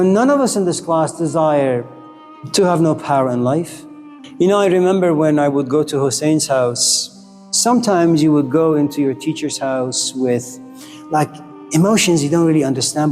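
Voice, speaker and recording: A man's voice: a little high, normal speed, darkish tone, big-room sound, faint music behind. A man lecturing a college class, passionate and blunt, with casual swearing.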